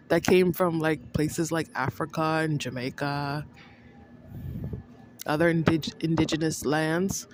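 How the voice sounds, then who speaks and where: A woman vlogger in a rambling monologue, accusing someone she addresses by name, repeating herself with halting restarts. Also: deep voice, a little hiss or hum, poor audio. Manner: accusing, repetitive, addresses an absent person by name; halting, with many restarts and fillers.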